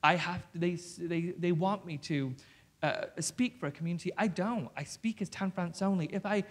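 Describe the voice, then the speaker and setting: A man tells stories candidly from a stage. His voice sits a little high for a man, and he talks with animated energy, dropping swear words and quick asides. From South Yorkshire, England. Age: 30s. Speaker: author and guest. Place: stage before an audience.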